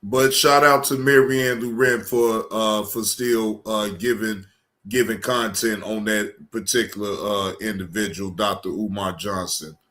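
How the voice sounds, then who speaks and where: Casting: male reaction streamer, slow and bright-toned, blunt and casual. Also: lowish voice, fairly even intonation. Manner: blunt, dismissive, stammering fillers.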